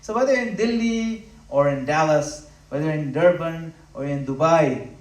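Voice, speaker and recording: A fairly high-voiced man preaches with passion, his delivery swelling to loud emphatic peaks and then sinking low and intimate. He sounds conversational, now and then acting out quick voices of listeners. The room is echoey and he stands a little away from the mic. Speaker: spiritual speaker. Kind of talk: devotional talk at a home program. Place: room in a home. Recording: roomy, from a distance.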